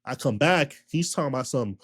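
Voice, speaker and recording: A man streamer telling a long story in a casual, slangy rant, full of repetition and animated retellings. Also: medium pitch, brisk, breathy edge.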